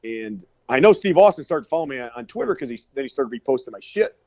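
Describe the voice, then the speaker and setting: A middle-aged powerlifter guesting on a podcast, telling rowdy, profane stories and laughing often over a remote call that breaks up. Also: male voice, medium pitch, sing-song, fast, mellow, no room sound. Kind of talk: casual storytelling.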